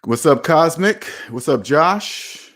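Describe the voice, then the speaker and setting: Blunt, animated man talking money. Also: a little high, slow. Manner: blunt, animated, acts out quoted people. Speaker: personal finance streamer. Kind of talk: live-stream chat answering viewer comments.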